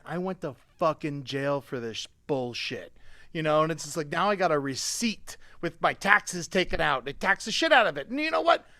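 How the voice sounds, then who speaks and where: A man hosting a live-streamed comedy show, swearing freely and swinging between quiet asides and excited shouting. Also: fairly high pitch, dry recording. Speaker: show host.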